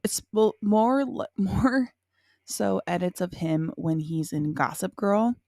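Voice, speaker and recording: A woman's voice: medium pitch, lively intonation, takes it slowly, creaky, a little mellow, dry recording, clean studio sound. A young woman co-hosting a podcast, laid-back and wry, giggling as she chats. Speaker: podcast co-host. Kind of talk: casual chat.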